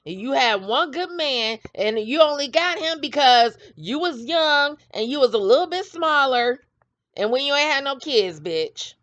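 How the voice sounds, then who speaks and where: A woman's voice: sits high, lively intonation, measured pace, a bit bright, no room sound. A middle-aged woman hosting casual gossip commentary, blunt and trash-talking, laughing often. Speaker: commentary channel host. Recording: dull lo-fi dry sound.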